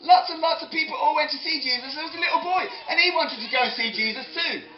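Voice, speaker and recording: A man telling a Bible story to children in an animated, playful way, drawing in his audience. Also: very high-pitched, fast. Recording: echoey hall, dull lo-fi sound.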